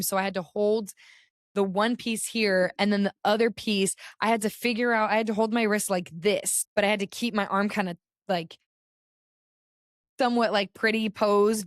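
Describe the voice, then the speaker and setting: A young woman with an American accent talks in a relaxed, chatty way, scattering filler words as she goes. Her pitch sits in an ordinary middle range. The recording is close and dry, with no room sound. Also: dry recording. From United States. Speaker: podcast co-host. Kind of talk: casual chat.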